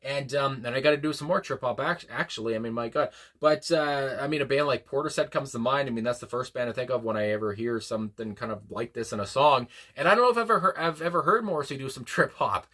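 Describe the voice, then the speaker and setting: A man's voice: mid-range voice, quick pace, few pauses, sharp tone. A man hosting a music reaction video, rambling casually with lots of fillers, restarts and exclamations. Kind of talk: casual unscripted reaction commentary.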